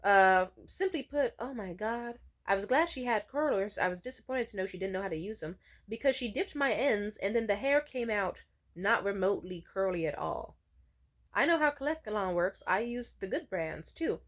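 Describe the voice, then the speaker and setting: A woman's voice: medium pitch, expressive, normal speed. Woman telling a blunt, profane story. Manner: blunt, profane, rambling with restarts. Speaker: vlogger. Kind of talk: casual storytime chat.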